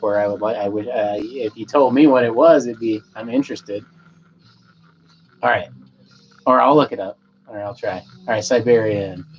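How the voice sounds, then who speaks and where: A man's voice: medium pitch, a little hiss or hum. A man hosting a casual livestream from home, rambling in a laid-back way and reading viewers' chat aloud. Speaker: livestream host. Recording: slightly muffled, faint music behind.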